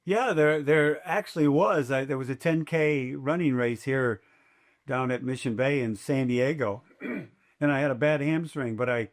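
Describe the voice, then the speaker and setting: An older man, a race announcer, telling a story as a podcast guest in a lively, chatty way. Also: medium pitch, unhurried. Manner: lively, chatty, fond of quoting himself. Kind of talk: casual storytelling.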